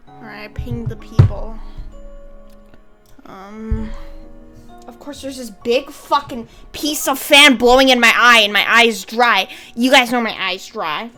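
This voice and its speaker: A woman streaming a game, chatting casually, rambling and swearing, with sudden loud high-pitched complaints. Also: expressive, unhurried, faint music behind. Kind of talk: casual gaming stream chat.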